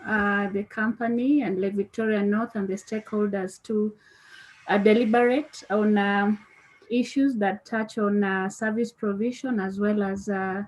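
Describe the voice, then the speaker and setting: A woman's voice: medium pitch, rough recording. A woman director giving formal remarks over an online link, hesitant, with many fillers. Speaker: company director. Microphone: remote online link.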